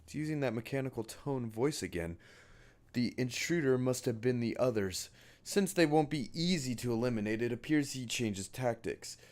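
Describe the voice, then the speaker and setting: A man streaming a game, reading its text aloud and thinking aloud in a halting, casual way. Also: medium pitch, expressive, a little mellow.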